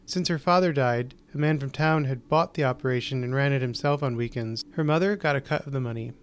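A man hosting and narrating a short story, reading in a measured, deliberate way with slowed pauses. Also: medium pitch, smooth. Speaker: host and narrator.

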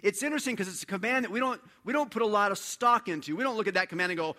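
Guy preaching, bright voice, bit high, gets quiet then loud telling the story. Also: racing. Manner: animated storytelling, swings from hushed to loud. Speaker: pastor. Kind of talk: sermon.

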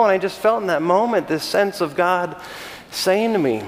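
A middle-aged man from California, a senior pastor giving a conversational sermon with animated, self-deprecating storytelling and frequent restarts. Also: sits high, moderate pace, in a large hall.

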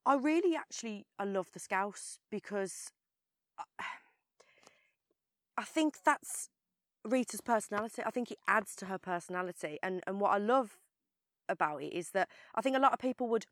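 A woman's voice: mid-range voice, moderate pace, long pauses, a bit bright, dry recording, studio quality. A young woman with a Birmingham accent, an actress chatting as an interview guest, with lots of fillers and restarts. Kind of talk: casual interview chat.

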